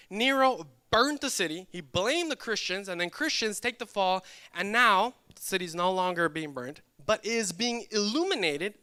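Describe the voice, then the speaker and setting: Young guy preaching at church, high smooth voice, jokey, teases the crowd. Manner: lively and joking, teasing the audience. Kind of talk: sermon. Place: church hall with live audience.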